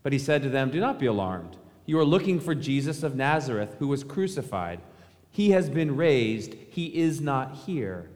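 A male pastor delivers a sermon in a conversational way, often pausing to pose rhetorical questions to his listeners. His voice sits at a middling pitch. It rings out with the long reverb of a church sanctuary. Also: expressive, darkish tone.

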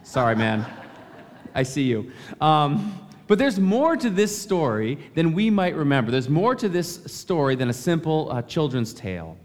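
A man's voice: on the high side, very animated, unhurried. Man preaching in a reverberant hall. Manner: conversational, friendly preaching. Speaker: pastor. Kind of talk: sermon. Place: church sanctuary.

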